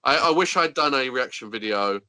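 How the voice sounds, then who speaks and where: A man's voice: medium pitch, lively intonation, fairly quick, bright, forceful tone, slight background noise. A man speaking as a podcast guest in casual chat, phrasing things carefully and hesitantly.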